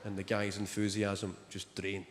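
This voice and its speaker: Young Scottish male stand-up, deadpan and sweary, live theatre reverb, loud crowd noise. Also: on the low side, a little slow. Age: young adult. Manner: deadpan storytelling, swears casually. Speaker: stand-up comedian. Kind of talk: stand-up comedy set. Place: large theatre stage.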